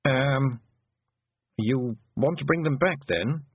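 A man voicing a gloomy, cautious male toad who speaks slowly and hesitantly. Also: medium pitch, slightly rough, no room sound, voice pushed up. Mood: mournful. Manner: slow, hesitant, with ums. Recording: dry, phone-like narrow sound.

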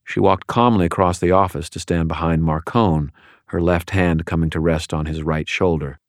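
A man's voice: sits low, steady tone, moderate pace, no room sound. A man reading a first-person audiobook aloud in a wry, dry style. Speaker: audiobook narrator.

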